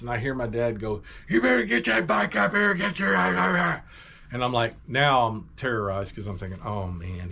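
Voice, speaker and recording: A middle-aged man casually telling a personal story, animated and conversational, acting out moments as he goes. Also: on the low side, slight background noise.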